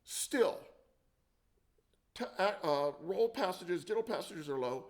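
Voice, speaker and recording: A man gives a percussion lesson as an instructional demonstration, explaining drum rhythms and counting them out. His high-pitched voice has lively intonation and a slow pace, with loud drumming and clicks in the background.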